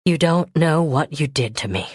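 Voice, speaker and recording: A woman voicing a man in a romance audiobook, who pours out a long-held love in a low, strained, earnest tone. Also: animated, normal speed, breathy edge, dry recording, studio quality.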